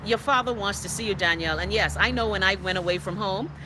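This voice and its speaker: A woman's voice: mid-range voice, fast, noisy background. A middle-aged woman with a Bahamian accent hosting a live stream, reading viewer comments and giving her blunt, profane opinions. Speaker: host.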